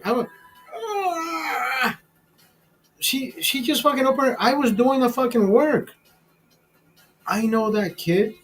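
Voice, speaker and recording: A high-pitched man in his fifties tells a rambling story, stumbling over his words and swearing freely. Faint music plays behind him in the studio. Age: 50s. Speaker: show host. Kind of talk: casual profane storytelling. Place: streaming studio.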